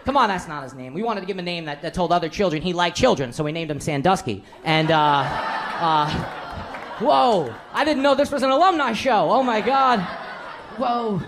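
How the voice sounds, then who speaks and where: A man's voice: high voice, expressive. A man doing a punchy stand-up set in a comedy club. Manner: quick, punchy delivery. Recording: live club with background noise.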